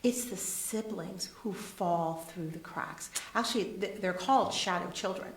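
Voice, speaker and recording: A woman's voice: mid-range voice, measured pace, slight background noise. A woman with a lilt tells stories animatedly, acting out the voices of the people in them. Her voice sits in a middle range for a woman. The room has a noticeable echo. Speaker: charity CEO guest. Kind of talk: animated storytelling on a talk show.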